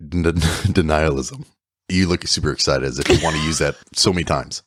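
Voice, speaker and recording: A man's voice: a bass voice, normal speed, a bit bright, breathy edge, dry recording, studio quality. A man co-hosting a casual podcast, explaining with playful jokes and sound effects. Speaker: podcast co-host.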